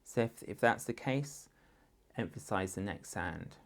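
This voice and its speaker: A male teacher speaks in a low register with a gravelly, creaky edge. He talks slowly and patiently, sounding out letters and words one at a time. His manner is that of a primary school teacher guiding parents. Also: expressive. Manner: slow, patient, demonstrates sentences and sounds in different voices. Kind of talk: instructional talk to parents.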